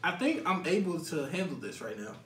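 A man's voice: fairly high pitch, very animated, fairly quick, fairly bright tone, echoey room, far from the mic, slight background noise. A man eating spicy noodles on camera, sweating and teary, complaining and coughing in casual chat. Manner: complaining, groaning, coughing through the heat. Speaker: YouTube vlogger. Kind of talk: casual challenge vlog chat.

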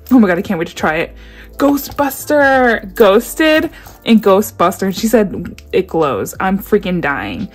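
A young woman chatting excitedly to her viewers while unboxing, gasping and gushing as she talks. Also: mid-range voice, measured pace, slightly rough, faint music behind. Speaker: nail vlogger doing an unboxing. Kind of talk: excited casual unboxing chat.

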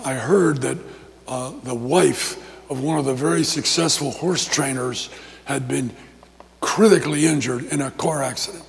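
A male pastor preaching in a church and telling his story with lots of repetition and quick restarts. His fairly high voice has a gravelly rasp, and a long hall reverb trails after his words. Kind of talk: sermon.

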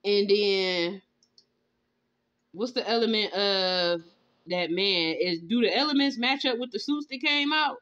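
Speaking a bit slowly in a medium, slightly bright voice, a tarot reader records a casual spiritual vlog with lo-fi audio. Her reading turns into incredulous ranting, heavy on profanity and laughter.

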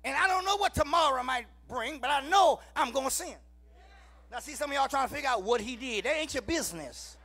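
Man, Southern US accent, call-and-response sermon, very high pitch, tense bright tone. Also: animated, brisk. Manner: call-and-response preaching, shouts then drops low. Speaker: preacher. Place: church sanctuary.

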